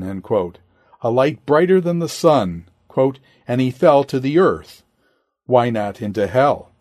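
A man reads an old sermon aloud at an unhurried, measured pace. He speaks deliberately and calls out each quotation mark. The recording is dry and close, with no room sound. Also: mid-range voice, a little mellow, dry recording. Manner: deliberate, says "quote" and "end quote" aloud, raises voice on quoted scripture. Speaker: sermon reader. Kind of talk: reading a historical sermon aloud.

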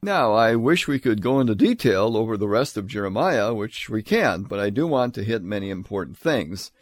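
A man with a fairly low voice delivers a Bible lecture. He is earnest and steady, then slows and rises sharply in pitch and loudness on points he wants to land. The sound is dry and close, with no room echo. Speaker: Bible teacher.

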